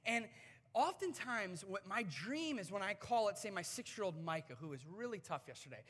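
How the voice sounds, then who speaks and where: Bright-voiced pastor in a reverberant hall. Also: male voice, sits high, moderate pace. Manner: conversational, animated storytelling with humor. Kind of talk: sermon. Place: church sanctuary before a congregation.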